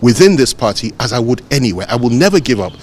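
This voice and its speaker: A man with a Nigerian accent, a politician answering reporters' questions outdoors in a measured, emphatic way, repeating phrases for stress. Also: medium pitch, big pitch swings, darkish tone, slight background noise. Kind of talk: press interview answers.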